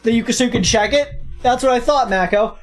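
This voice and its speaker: A woman's voice: on the high side, fast talker. A woman VTuber streamer chatting through a game playthrough in a rambling, hesitant, jokey way. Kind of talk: casual game playthrough chat. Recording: faint game music behind.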